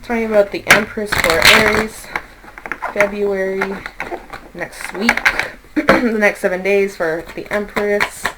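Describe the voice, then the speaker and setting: A woman's voice: medium pitch, steady tone, slow pace, heavy background noise. A woman giving a casual tarot reading, chatty and reassuring, laughing now and then and swearing lightly. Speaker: tarot reader.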